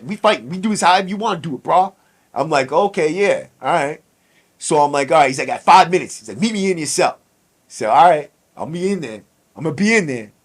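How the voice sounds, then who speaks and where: A man hosting a podcast, casually telling a prison story in a profane, streetwise way and acting out the people he quotes. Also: fairly high pitch.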